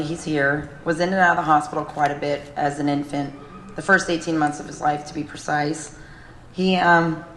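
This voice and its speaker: A middle-aged woman giving an emotional gala speech as a charity founder, earnest, with nervous fillers. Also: deep voice. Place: large hotel ballroom. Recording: echoey event hall, faint room noise.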